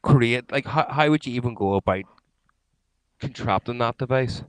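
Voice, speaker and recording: A man's voice: medium pitch, moderate pace, smooth, no room sound, low-quality recording. A man co-hosting a casual podcast, telling loose, sweary stories full of restarts. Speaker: podcast co-host. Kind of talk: casual chat.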